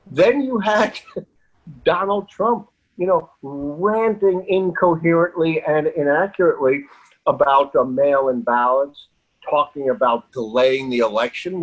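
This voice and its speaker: Older American male academic guest, husky voice, emphatic and indignant, punches key words. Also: mid-range voice, dull audio. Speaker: political science professor, guest. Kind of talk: TV interview answers.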